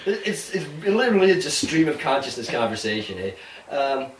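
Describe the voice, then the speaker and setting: A man's voice: medium pitch, big pitch swings, moderate pace, a little hiss or hum. A man co-hosting a podcast in a put-on Canadian accent, rambling in casual chat with easy swearing and frequent laughter. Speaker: podcast co-host. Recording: roomy room, distant mic, faint ambience.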